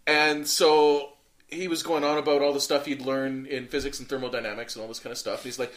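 A man's voice: mid-range voice, level tone, brisk, a bit bright. A man telling a long, rambling story in casual chat, full of fillers, restarts and swearing.

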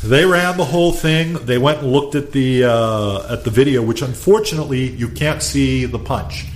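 A man telling a story in casual chat, animated, acting out quotes and laughing often. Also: medium pitch, moderate pace.

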